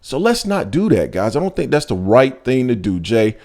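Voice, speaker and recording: An emphatic man hosting a casual sports talk show. His voice sits at a middle pitch for a man, and he leaps up sharply when he wants to stress a point. He talks it through with his co-host in a relaxed, conversational way. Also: moderate pace.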